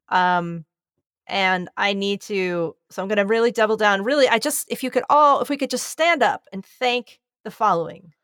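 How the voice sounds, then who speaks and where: A woman's voice: mid-range voice, fairly bright tone, no echo, clean studio sound. A woman co-hosting a podcast in casual chat, effusive and rambling, with some swearing. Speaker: podcast co-host.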